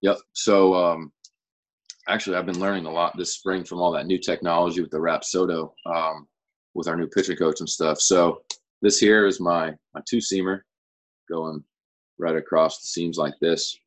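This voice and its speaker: A man's voice: deep voice, steady tone, moderate pace, rough recording. A young man, a guest on an interview show, chatting casually and explaining things in an easygoing, rambling way. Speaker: guest pitcher.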